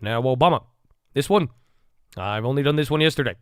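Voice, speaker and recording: A man's voice: medium pitch, lively intonation, a little fast, clear, resonant tone, no echo, clean studio sound. A man casually talking through stock moves on a livestream, rambling and joking, often trailing off into mumbles. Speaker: stock market livestream host. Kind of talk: casual live market commentary.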